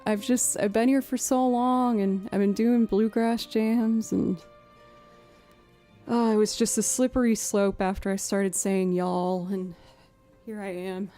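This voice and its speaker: A woman's voice: mid-range voice, flat delivery, a little slow, warm tone, soft background music. A woman in her thirties from outside Boston, chatting casually with viewers on her stream in a rambling way, full of fillers and a Boston accent with a hint of Southern. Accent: Boston with a creeping Southern twang. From New England, outside Boston. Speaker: streamer and musician. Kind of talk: casual live-stream chat.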